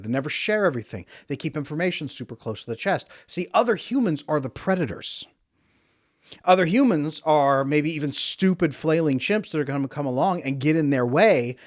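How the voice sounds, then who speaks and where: A man's voice: fairly high pitch, lively intonation, fairly quick, dry recording, studio quality. Emphatic man coaching to camera. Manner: emphatic, repetitive, acts out quotes. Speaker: relationship coach.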